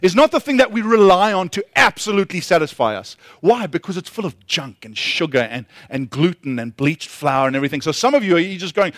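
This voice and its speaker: A man's voice: high-pitched, expressive, fairly quick, few pauses, a bit bright, dry recording, clean studio sound. A middle-aged man giving a conversational sermon as a pastor, humorous and self-deprecating, with frequent restarts and repeated words.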